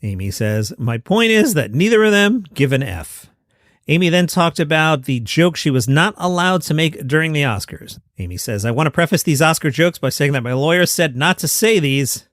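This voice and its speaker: A man's voice: on the high side, a little fast, no room sound, clean studio sound. A man hosting a comedy news podcast, reading reviews aloud with wry, sarcastic asides. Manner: wry, sarcastic asides between read quotes.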